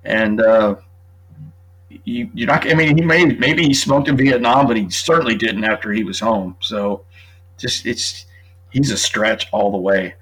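A man's voice: on the low side, a little slow, fairly bright tone, husky, poor audio. A middle-aged man, an author appearing as a guest, talking casually and laying out his argument point by point. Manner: talkative, builds his case point by point. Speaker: author and true crime guest. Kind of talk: casual podcast conversation.

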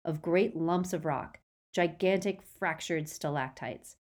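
Female audiobook narrator, low-ish register, vivid dramatic delivery. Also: takes it slowly. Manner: expressive reading, raising voice for action.

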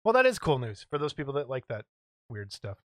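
A man co-hosting a casual podcast, blunt and quick to laugh. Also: medium pitch, wildly swooping pitch, no echo, studio quality. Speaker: podcast co-host. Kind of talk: casual banter.

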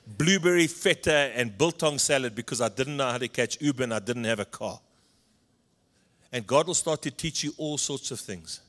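South African pastor telling a story. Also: male voice, medium pitch, moderate pace. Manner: storytelling, animated, switches into Afrikaans phrases. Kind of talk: sermon.

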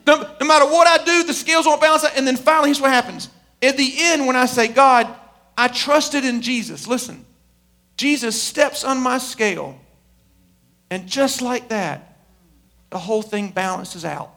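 A middle-aged male pastor preaching with a strikingly high, bright, ringing voice. He swings from loud, pleading passages down to hushed, intense moments. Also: moderate pace, creaky. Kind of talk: sermon.

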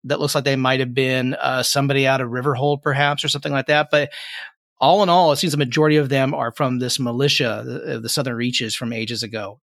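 A man's voice: medium pitch, steady tone, brisk, gravelly, a bit bright, dry recording, clean studio sound. A man narrating a tabletop game as game master, describing scenes in a rambling way with many fillers.

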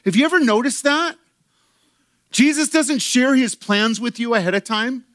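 A man preaching a sermon to his church in an animated way, acting out quoted voices and laughing often. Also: very high voice, moderate pace, dry recording, clean studio sound. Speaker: pastor.

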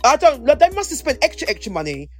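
A woman's voice: sits high, big pitch swings, fast talker. Woman on a podcast, rambly casual chat, stops and restarts a lot, faint music under it. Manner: rambling, restarts sentences, playful. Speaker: podcast co-host.

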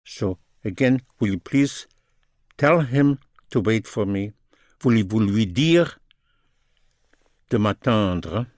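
A man teaching a language lesson, saying each phrase slowly, repeating it and explaining the grammar. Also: lowish voice, animated, darkish tone, no room sound, studio quality. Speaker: French teacher.

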